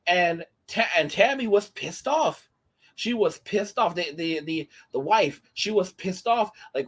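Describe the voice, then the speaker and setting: A man's voice: high voice, normal speed, breathy edge. A man hosting a commentary channel, ranting indignantly and rambling with many restarts.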